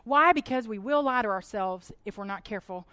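High-voiced chatty woman preaching. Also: fairly quick, clear, resonant tone, no echo. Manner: chatty, animated, laughs often. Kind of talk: casual sermon talk.

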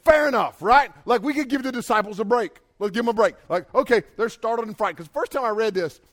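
A middle-aged man, preaching an animated sermon to a conference crowd, mixing casual asides with shouted dramatic lines. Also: very high voice, quick pace.

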